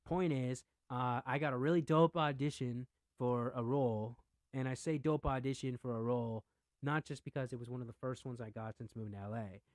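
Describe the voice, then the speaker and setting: A young man hosting a podcast in a casual, profane rant, swinging from low mutters to loud outbursts. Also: fairly even intonation, a little fast, no echo. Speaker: podcast host.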